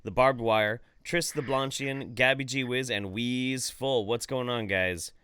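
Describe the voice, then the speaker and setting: A man's voice: mid-range voice, steady tone, a little slow, a bit bright, clean tone, dry recording, studio quality. A man co-hosting a live-streamed podcast, reading news aloud in casual, profane, rambling chat. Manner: profane, laughing, loose and rambling. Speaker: podcast co-host.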